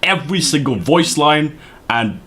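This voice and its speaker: A man's voice: a little high, expressive, a little slow, fairly bright tone, breathy edge. A man, an esports caster, joking and laughing with his co-caster while they wait on a match. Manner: jokey, laughing banter. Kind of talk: casual chat between matches.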